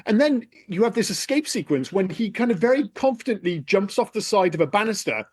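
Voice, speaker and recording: A high-pitched man co-hosts a casual film podcast, talking briskly in an animated, exasperated way and swearing freely. The recording sounds close and dry.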